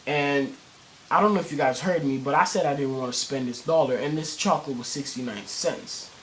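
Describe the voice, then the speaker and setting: A man's voice: mid-range voice, a little fast, fairly bright tone, slight background noise, rough recording. A teenage boy telling a story in a casual vlog, rambling with many fillers and restarts and plenty of cursing. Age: teens. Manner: cursing, slangy.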